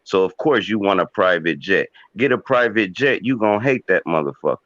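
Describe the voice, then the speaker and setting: Very deep-voiced man arguing emphatically. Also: animated, brisk, fairly bright tone, no room sound, highs cut off. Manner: emphatic, builds arguments with examples. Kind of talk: casual podcast chat.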